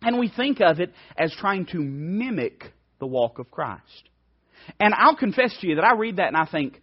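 A male preacher delivering a fervent sermon, swinging between loud emphasis and hushed, soft passages. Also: fairly high pitch, big pitch swings, normal speed, slightly rough, dull audio.

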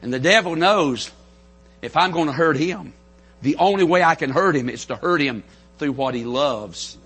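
A middle-aged pastor with a North Carolina drawl preaches from the pulpit of a church sanctuary in a high, bright, slightly husky voice. Expressive at a moderate pace, he swings fervently from near-whispers to full shouts. Faint music plays behind him.

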